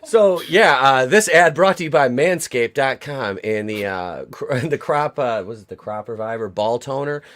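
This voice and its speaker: A man's voice: mid-range voice, animated, normal speed, few pauses, fairly bright tone. A man on a casual online panel, rambling and stammering as he jokes along. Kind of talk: casual panel chat on a livestream.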